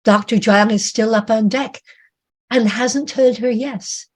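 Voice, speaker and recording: A woman author reading her own fiction aloud in a measured, dramatic way. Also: fairly high pitch, fairly even intonation.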